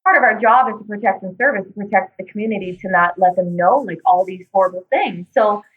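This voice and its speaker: Animated woman on a tinny phone line. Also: fast talker, husky. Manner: animated, acts out quoted voices with pitch jumps. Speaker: podcast guest, police department administrative assistant. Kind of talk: casual storytelling in an interview.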